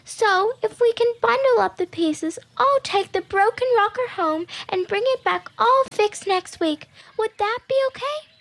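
A woman's voice: very high voice, animated, a little slow, hardly any pauses, a bit bright, voice pushed up, exaggerated voice. A woman voicing a polite, apologetic little girl in a storybook. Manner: sweet, apologetic.

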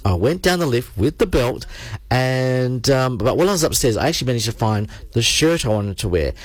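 A man's voice: medium pitch, expressive, brisk, no room sound. A man, a radio host telling a rambling story in casual studio banter, full of restarts.

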